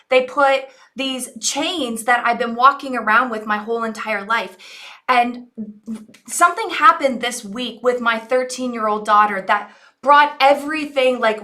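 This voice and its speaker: A woman's voice: fairly high pitch, sharp tone. A woman in her forties, an online business coach, earnestly telling a personal story to her audience in a reflective, coaching way.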